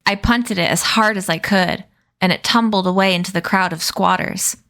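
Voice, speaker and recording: Brief: woman narrator, expressive read-aloud of a novel, mid-range voice. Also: mid-range voice, normal speed. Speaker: streamer reading a novel aloud.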